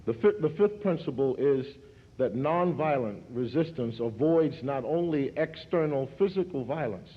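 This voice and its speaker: A man in his forties from New York, giving a speech in a preacher's rhythmic cadence that repeats words and climbs in pitch. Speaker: speaker at a commemoration. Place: large hall. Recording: echoey hall, dull archival recording.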